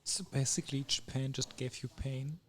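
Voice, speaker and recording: A man's voice: mid-range voice, fairly even intonation, moderate pace. A man hosting a casual chat, jumping in with questions. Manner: chatty, jumps in with questions. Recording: clear background noise with clicks.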